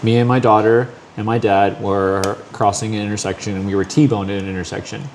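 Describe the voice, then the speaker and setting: A man's voice: on the low side, fairly quick, slight background noise. A man hosting a podcast, telling a long story in casual chat, swearing often and acting out the people in it. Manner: profane, animated storytelling with acted quotes. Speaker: podcast host.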